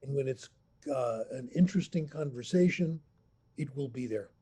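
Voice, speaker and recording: A man in his eighties, a language professor telling anecdotes in an unhurried, storytelling way on a remote video call. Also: mid-range voice, warm tone, slightly rough. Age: 80s. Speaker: language professor, interview guest. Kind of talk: storytelling interview answer. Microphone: computer mic on a video call.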